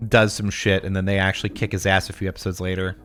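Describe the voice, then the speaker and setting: A man co-hosting a casual podcast chat, talking in a measured, analytical way with dry humor. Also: sits low, flat delivery, a bit bright, faint music behind. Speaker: podcast co-host.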